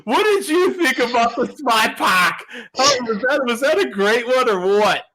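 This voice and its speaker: Male show host, casual chatter, animated pitch, laughs a lot. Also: normal speed. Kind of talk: casual chat. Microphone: video call.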